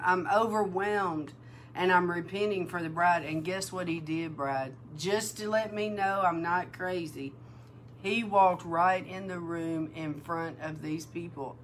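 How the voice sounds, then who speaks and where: A woman preaching at an unhurried pace, telling her story with animation and acting out each exchange. She sounds emotional and close to tears as she teaches, and a faint hiss sits under her voice. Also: fairly low pitch. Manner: animated storytelling, acts out dialogue. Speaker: prophetic minister. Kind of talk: sermon-style testimony and teaching.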